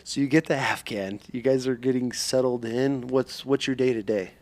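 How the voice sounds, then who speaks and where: A man's voice: mid-range voice, fairly even intonation, moderate pace, darkish tone. A man hosting a podcast interview, telling rambling, profane stories with many restarts. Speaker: podcast host. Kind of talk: casual interview chat.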